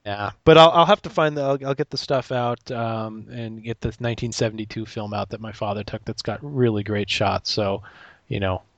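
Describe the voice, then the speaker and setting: A man's voice: fairly low pitch, moderate pace, no room sound, lo-fi sound. A man hosting a casual chat, rambling with frequent restarts. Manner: rambling, with many restarts and laughs. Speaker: podcast host.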